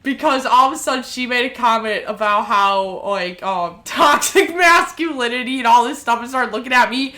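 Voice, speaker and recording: A young woman co-hosting a podcast, telling stories with lots of swearing and loud acted-out quotes. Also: a little high, moderate pace, few pauses. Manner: animated storyteller, swears freely, acts out quotes loudly. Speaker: podcast co-host. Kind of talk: casual chat.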